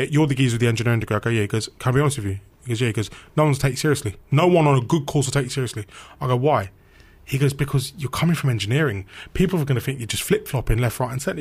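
A young man tells an animated anecdote, acting out both sides of old conversations and jumping up in pitch for the lines he quotes. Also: breathy edge. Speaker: guest telling a story.

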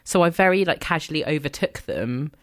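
A young woman tells a story in lively, excitable bursts. Her pitch swings widely as she acts out what she and others said. She laughs often along the way. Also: fairly quick. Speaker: guest telling a fan story. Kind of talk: animated storytelling in a chat.

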